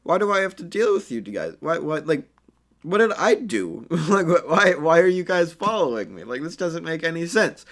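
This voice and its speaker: A man's voice: on the high side, sing-song, normal speed, a bit bright, voice pushed up. A man voicing a crude, dismissive young male ninja who swears and sounds exasperated. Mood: annoyed. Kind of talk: fan-made story narration.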